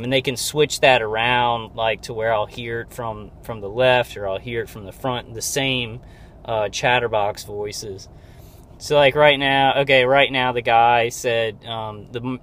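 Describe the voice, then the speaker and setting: A man records a casual personal update while sitting in his car. His voice sits in an ordinary middle pitch, and he speaks haltingly, stopping and restarting his sentences. Faint vehicle noise hums underneath. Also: fairly even intonation, fairly bright tone. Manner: halting, hesitant, many restarts. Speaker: vlogger.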